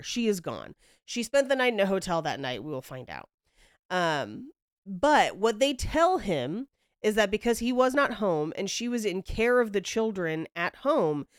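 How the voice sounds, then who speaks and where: Smooth-voiced woman podcast host. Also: mid-range voice, no room sound, studio quality. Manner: animated, acts out quotes, laughs often. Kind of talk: casual storytelling chat.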